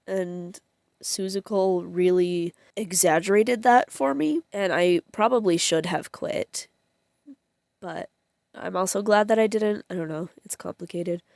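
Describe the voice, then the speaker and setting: Giggly young woman rambling on her vlog, slow easy talk, dry close mic, lots of um and like. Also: mid-range voice, gravelly, darkish tone, no echo. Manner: giggly, chatty, rambling with many fillers. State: tearful at times. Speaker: vlogger. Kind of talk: casual vlog chat.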